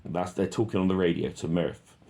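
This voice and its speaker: A man's voice: deep voice, steady tone, fairly quick, warm tone. A man reading a transcript aloud and commenting on it, in an offhand way with many ums and self-corrections. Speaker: reader and commentator.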